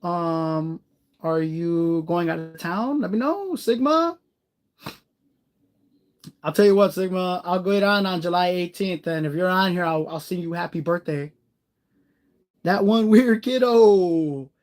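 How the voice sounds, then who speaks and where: A man chatting casually on a live stream, rambling and greeting viewers by name, warm-hearted and encouraging. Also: high-pitched, a little slow, long pauses.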